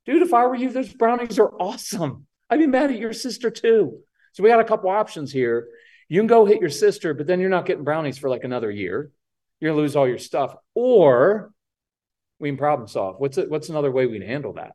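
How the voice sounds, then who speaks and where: On a podcast, a man appears as a guest parenting coach, his voice fairly high and his delivery brisk. He chats casually and animatedly, performing the lines kids and parents might say.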